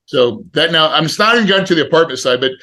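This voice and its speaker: A middle-aged man spins a story with a bright, forceful tone and a voice that sits a little high for a man. He speaks casually and acts out the lines of the people in his tale. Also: quick pace. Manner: animated, acts out quoted dialogue. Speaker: podcast guest.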